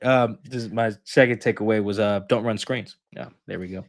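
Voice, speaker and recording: A man's voice: on the low side, steady tone, brisk. A man co-hosting a football show, casual and joking, rambling with fillers. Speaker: co-host. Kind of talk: casual sports chat.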